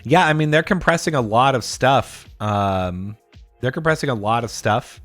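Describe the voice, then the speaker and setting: A man co-hosting a casual podcast chat, talking in a measured, analytical way with dry humor. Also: mid-range voice, lively intonation, no echo, faint music behind. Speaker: podcast co-host.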